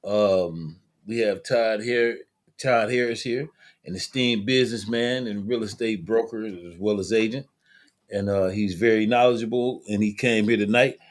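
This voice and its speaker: A man's voice: lowish voice, fairly even intonation, normal speed. A man hosting a call-in talk show, speaking in a loose, friendly way with many fillers and restarts. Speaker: show host.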